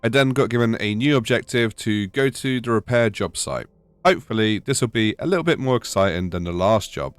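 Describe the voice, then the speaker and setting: A man's voice: on the low side, animated, fairly quick, clear, resonant tone, no room sound, soft background music. A British man narrating a gaming video voice-over with wry, sarcastic humour. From United Kingdom. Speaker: gaming YouTuber.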